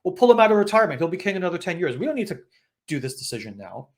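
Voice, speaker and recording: A man's voice: sits high, very animated, rapid-fire, voice pushed up. A man voicing a group of flustered brothers who stall and dodge a decision, raising his voice well above his own. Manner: evasive, stalling. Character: flustered brothers dodging a royal choice.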